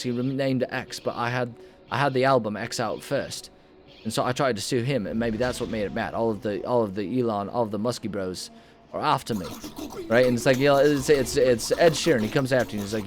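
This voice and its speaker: A young man talks his way through a game in a loose, rambling patter, cracking self-mocking jokes and drifting off topic. His voice sits at an everyday middle pitch, with faint music playing behind him. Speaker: gaming video host. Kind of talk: casual let's-play commentary.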